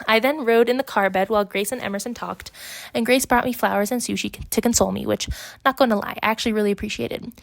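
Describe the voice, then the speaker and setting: Wry young woman vlogging a life update. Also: mid-range voice. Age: 20s. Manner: wry and self-mocking, slipping into a heated rant. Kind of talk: casual personal vlog narration.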